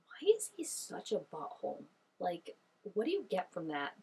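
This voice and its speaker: Chatty husky-voiced young woman. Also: fairly low pitch, very animated, normal speed, warm tone. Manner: chatty and gushing, many "like" fillers, laughs often. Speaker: reaction video host. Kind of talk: casual reaction commentary.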